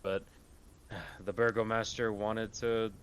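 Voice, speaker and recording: A man's voice: lowish voice, flat delivery, slow pace, fairly bright tone. A man narrating as game master, hesitant and full of fillers. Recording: faint background noise.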